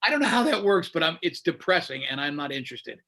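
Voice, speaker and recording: A man's voice: a little high, very animated, fast talker, fairly bright tone. A man in his fifties, a radio host being interviewed, talking bluntly and with animation in casual chat. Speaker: radio show host, guest.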